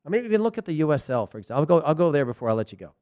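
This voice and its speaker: A man's voice: fairly high pitch, racing, no room sound, highs cut off. A middle-aged man hosting a soccer show, giving a casual, rambling opinion monologue from a studio. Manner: animated, rambling, frequent restarts.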